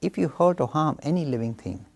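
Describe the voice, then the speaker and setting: Man as a calm, stern mother goddess, slow and solemn, gravelly. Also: fairly high pitch.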